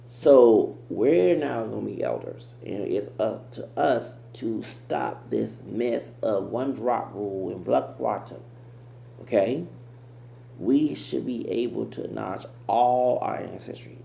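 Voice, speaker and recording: A man's voice: fairly low pitch, slow pace, creaky, dark tone. A man giving rambling, emphatic reaction commentary as host of his own channel. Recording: echoey room with faint hum.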